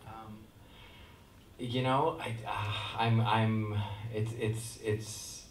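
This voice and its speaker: A man in his forties answering at a convention panel, telling stories with halting restarts and chuckles. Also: on the low side, flat delivery. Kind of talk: rambling anecdotal panel answer. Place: large convention hall. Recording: echoey hall, far from the mic, noisy.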